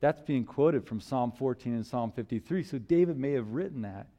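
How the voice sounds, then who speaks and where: A man preaching a sermon in church, asking rhetorical questions and swinging between loud emphasis and hushed lines. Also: medium pitch, animated, normal speed.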